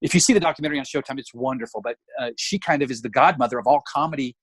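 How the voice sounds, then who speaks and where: A middle-aged man, a guest comedian telling stories in a casual, animated, chatty way. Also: mid-range voice, racing, husky, no room sound. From Alabama, US. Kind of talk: casual anecdotal storytelling.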